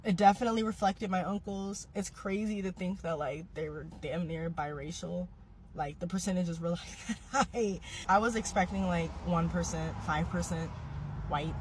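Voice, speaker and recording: A woman casually telling a personal story in an animated way, with swearing and laughing asides. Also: lowish voice, normal speed, a little hiss or hum, low-quality recording. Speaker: social media commenter.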